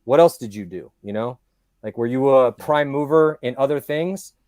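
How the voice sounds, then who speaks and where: At a moderate pace and in a mid-range voice, a man speaks as a podcast guest, recorded in studio quality with no echo. Long-winded and animated, he fills the casual chat with stories and emphatic points.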